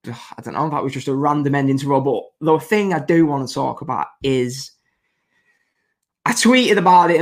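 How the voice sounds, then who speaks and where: A podcast host, giving casual, opinionated commentary that rambles and restarts mid-sentence in an exasperated way. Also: medium pitch.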